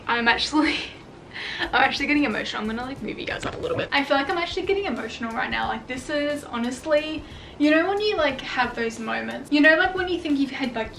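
A young woman, a fashion vlogger, chatting excitedly in her bedroom with lots of fillers. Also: on the high side. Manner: gushing, filler-heavy, excitable. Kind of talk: casual vlog chat. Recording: echoey room, far from mic, music behind.

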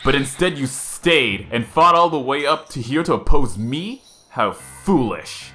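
Villain read: man doing a sneering ghost king, melodramatic, lively swings in pitch. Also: unhurried, soft background music. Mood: gloating. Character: gloating male ghost king villain, theatrical. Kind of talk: reading game dialogue aloud.

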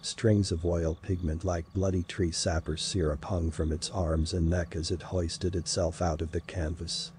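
A man reading a horror story in a slow, measured, dramatic style. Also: low voice, flat delivery, darkish tone, slight background noise. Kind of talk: scripted horror narration.

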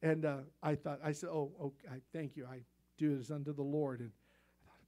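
A middle-aged man with a fairly high voice delivers a church sermon. He tells homespun stories in a conversational way and builds to loud, emphatic peaks. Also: fairly even intonation, a little fast. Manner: folksy storytelling, rising to emphatic peaks. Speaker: pastor.

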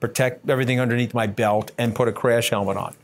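A brash man gives blunt, combative answers in an interview. His voice sits at an everyday middle pitch and he talks in uneven bursts, full of fillers and restarts. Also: steady tone, quick pace, noisy background. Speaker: interview guest.

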